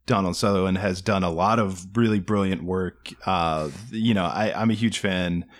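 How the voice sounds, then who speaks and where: A man's voice: low-pitched, fairly even intonation, moderate pace. A man co-hosting a podcast in casual movie-review chat, rambling and hedging as he corrects himself mid-thought. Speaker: podcast co-host.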